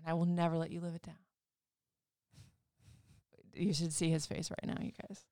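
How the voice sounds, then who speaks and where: A woman in her forties co-hosting a casual couple chat, animated and teasing, swearing freely. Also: sits low, moderate pace, no room sound, clean studio sound. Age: 40s. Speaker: podcast co-host.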